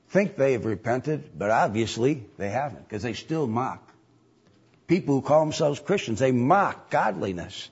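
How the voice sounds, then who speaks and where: A man's voice: medium pitch, darkish tone, breathy edge. A man preaching a sermon, emphatic, with mocking voices when he quotes others. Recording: dull lo-fi recording.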